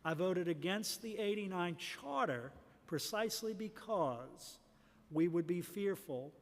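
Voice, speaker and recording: A man's voice: high-pitched, lively intonation, measured pace. A middle-aged man, a commission member, making long earnest remarks at a public hearing. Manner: rambling, earnest, long run-on sentences. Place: large city hall hearing room. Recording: reverberant hall.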